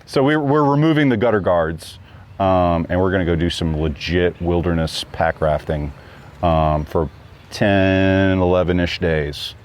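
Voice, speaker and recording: A man's voice: low-pitched, a little slow. A man being interviewed about a trip, talking casually and rambling with lots of fillers and restarts. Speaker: guest hiker. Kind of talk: casual chat.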